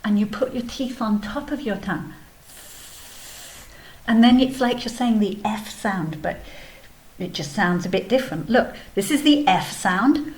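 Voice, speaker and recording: A woman teaching a kindergarten video lesson, explaining patiently in a gentle, sing-song way. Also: mid-range voice, unhurried, long pauses, a little hiss or hum. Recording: echoey room, faint background ambience.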